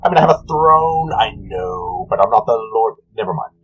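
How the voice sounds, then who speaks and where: A man's voice: on the low side, lively intonation, normal speed, fairly bright tone, highs cut off, a little hiss or hum. A man voicing a smug, chatty male trickster god who talks in an offhand, self-important way. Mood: dismissive.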